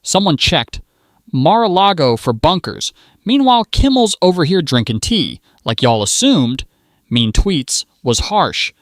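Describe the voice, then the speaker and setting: A man narrates a scripted celebrity-gossip roast in a mocking, punchline-driven way. His voice sits fairly high and leaps around expressively, and the recording is dry and close. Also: sing-song, a little slow, no room sound. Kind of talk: scripted sarcastic commentary narration.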